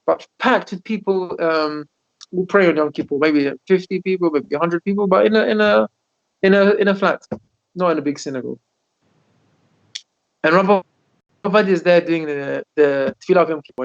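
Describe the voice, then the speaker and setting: High-voiced rabbi telling a story. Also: male voice. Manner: animated storyteller, often repeats words. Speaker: rabbi teaching a Torah lesson. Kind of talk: storytelling Torah class. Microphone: video call. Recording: dull lo-fi video call audio.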